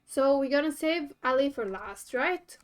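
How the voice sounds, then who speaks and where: A woman's voice: sits high, expressive, a little slow. A woman streamer giving casual, giggly commentary while playing a dating game. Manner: giggly, reacting out loud. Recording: faint game music behind.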